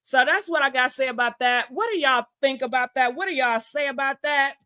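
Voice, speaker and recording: A woman's voice: high voice, brisk, sharp tone. A woman hosting a casual celebrity gossip livestream, sassy and messy, talking straight to her viewers and laughing at herself. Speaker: host.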